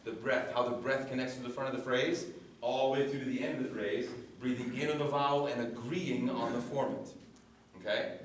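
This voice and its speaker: Heard from afar in an echoey rehearsal hall with slight background noise, this man has a medium-pitched voice and fairly even intonation. Coaching a choir, he talks through breathing and vowel shapes, singing brief demonstrations and offering quick cues.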